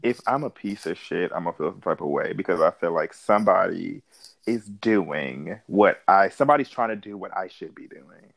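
A man's voice: low-pitched, lively intonation, moderate pace, vocal fry, dry recording, poor audio. A man in his thirties, a little drunk, talking casually with many restarts and laughs. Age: 30s. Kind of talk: casual chat.

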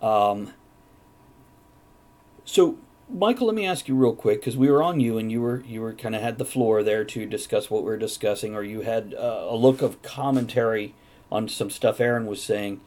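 A man's voice: lowish voice, moderate pace, darkish tone. Upbeat jokey man hosting a chat. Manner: jokey, upbeat, steering the talk. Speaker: host. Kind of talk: casual panel chat.

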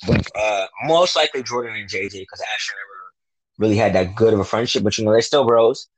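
A man's voice: lowish voice, fairly quick, dry recording, rough recording. A man in casual chat, rambling through his guesses with slang and self-corrections, acting out the lines he imagines. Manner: loose slangy speech. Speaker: fan discussing a TV show. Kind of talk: casual chat, predicting plot.

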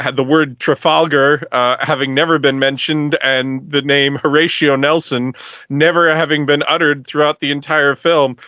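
Man, podcast host, measured, bright forceful tone, dull audio. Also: medium pitch, no echo. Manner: measured, leads the conversation. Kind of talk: hosting a discussion.

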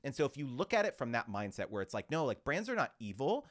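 A man chats as a podcast guest, giving advice in a loose conversational way. His pitch swings widely as he acts out little bits of quoted dialogue. Fillers like "like" and "you know" run through his talk. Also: very animated, quick pace.

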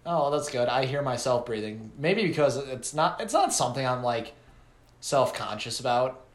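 A man's voice: mid-range voice, normal speed. Chatty man in an echoey room. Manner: rambling, lively storytelling with fillers. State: coughing from pepper flakes. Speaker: podcast co-host. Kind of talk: casual chat.

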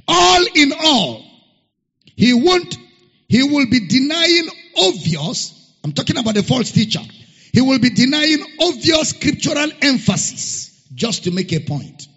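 A pastor preaching a sermon, emphatic and repetitive, sometimes singing words. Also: male voice, very high-pitched, big pitch swings, measured pace, fairly bright tone, slightly rough. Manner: emphatic, repeats key phrases, sings some words. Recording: dull lo-fi recording in a reverberant hall.

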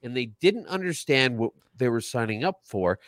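Podcast co-host, man, mid-pitched, opinionated rant, dry close mic. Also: sing-song, moderate pace, fairly bright tone, no room sound. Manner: opinionated, ranting with filler words. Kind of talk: casual political chat.

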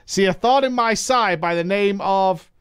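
A man's voice: high voice, unhurried, a bit bright, smooth, voice pushed up. A man putting on a smarmy goblin boss. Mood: scheming. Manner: smarmy, showy salesman patter. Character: scheming fast-talking male goblin boss.

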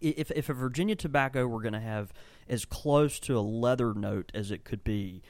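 A man's voice: mid-range voice, moderate pace, a little mellow, no echo. A man co-hosting a casual podcast from a tobacco shop, talking enthusiastically and rambling through descriptions. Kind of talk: casual chat.

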